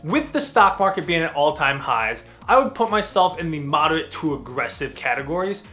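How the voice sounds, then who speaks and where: An upbeat man talking straight to camera in a casual explainer, his voice a touch high. Soft music sits faintly in the background. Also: very animated, a little fast. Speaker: finance YouTuber.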